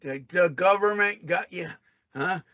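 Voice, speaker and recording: A very high, bright male voice comes through dry, muffled call audio. He interrupts constantly and repeats the other man's name in a taunting way. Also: measured pace, no room sound. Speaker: call participant. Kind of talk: heated argument on a call.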